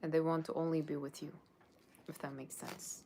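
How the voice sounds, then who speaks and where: A woman's voice: low-pitched, little pitch movement, moderate pace, noisy background. A woman giving a live tarot reading, chatty and rambling, reading viewers' comments aloud and answering them in a playful put-on Halloween voice. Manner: puts on a playful Halloween character voice; loose, rambling delivery with frequent "okay?" and "like". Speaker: tarot reader.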